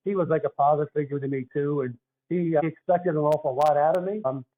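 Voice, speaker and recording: A man's voice: fairly high pitch, fast talker, phone-quality sound. An older man with a Philadelphia accent, a guest telling stories in an earnest, conversational way. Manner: earnest, storytelling. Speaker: guest, retired basketball referee. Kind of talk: casual interview talk.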